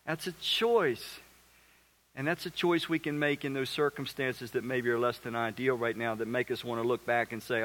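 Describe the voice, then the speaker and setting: A man preaching a sermon as pastor, animated, acting out little voices and asking the crowd questions. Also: a little high, a little fast.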